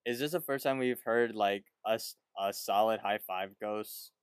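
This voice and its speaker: A man co-hosts a casual podcast in a relaxed way, reacting briefly and asking questions about a cartoon episode. His voice is smooth and resonant, and it is recorded close and dry with no room sound. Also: fairly low pitch, moderate pace, no room sound. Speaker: podcast co-host. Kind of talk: casual cartoon recap chat.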